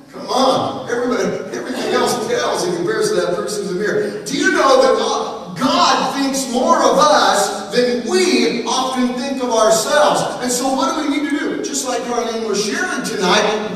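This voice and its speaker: Pastor, male, high voice, rhythmic repetitive sermon with joking asides, recorded from far off in a long-echo church hall. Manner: animated, rhythmic preaching with repetition and playful asides. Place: church sanctuary.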